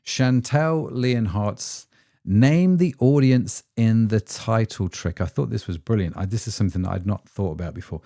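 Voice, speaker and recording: A man's voice: fairly low pitch, moderate pace, mellow, no room sound, studio quality. A man hosting a solo podcast as an ecommerce founder, chatty and self-deprecating, with frequent rhetorical tag questions.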